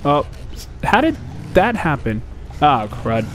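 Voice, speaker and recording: A man's voice: a little high, wildly swooping pitch, slow pace. Jumpy, yelping young man gaming. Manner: jumpy, talks back at the game, yelps and shouts. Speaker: gameplay commentator. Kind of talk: let's play commentary. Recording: noisy game audio underneath.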